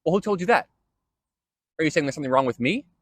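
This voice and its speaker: Guy playing god, fed up and confused, asking where everybody went, higher pitched. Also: expressive, fast, no room sound. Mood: indignant. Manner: incredulous, scolding questions. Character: exasperated God searching for a missing man.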